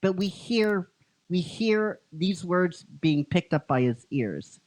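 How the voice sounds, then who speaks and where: A man's voice: sits high, lively intonation, slow, a little mellow. A man casually retelling a fan-written story, rambling, laughing often and teasing his cohost. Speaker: storyteller narrating a fan script.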